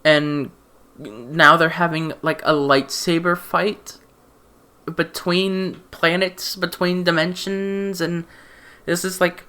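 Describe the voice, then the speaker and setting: A man's voice: a little high, steady tone, slow, bright, forceful tone, smooth. A man ranting about a movie in a casual, rambling way, stammering through restarts and sounding exasperated and sarcastic. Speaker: movie reviewer. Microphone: desk mic.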